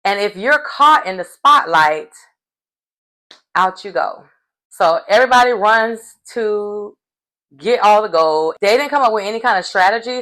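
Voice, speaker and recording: A woman's voice: mid-range voice, low-quality recording. Chatty woman recapping a reality show. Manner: animated, slangy, chatty storytelling. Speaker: recap host. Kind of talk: casual episode recap.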